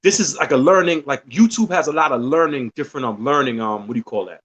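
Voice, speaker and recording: A man's voice: mid-range voice, quick pace, a loud crowd. A man on a casual podcast chat, talking in a reflective way and searching for words as he goes. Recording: dull lo-fi audio.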